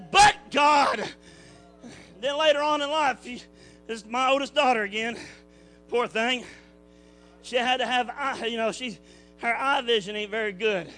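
A middle-aged man with a very high, bright, ringing voice delivers a Pentecostal testimony. He talks in a folksy preacherly cadence and gets fervent. Faint music plays behind him in the church. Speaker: church speaker giving testimony. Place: church building.

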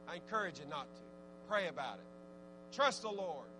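A man preaching a sermon, swinging from fervent exhortation to low, conversational asides. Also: lively intonation, moderate pace, long pauses, a little hiss or hum, rough recording. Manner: rising to fervent shouted exhortation, then dropping low and conversational.

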